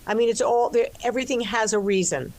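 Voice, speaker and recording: An older woman in a relaxed interview, talking about making her film, full of restarts and "you know"s. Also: fairly high pitch, quick pace. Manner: expansive, restarts often, many "you know"s. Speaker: actress and co-writer discussing her film. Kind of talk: conversational interview.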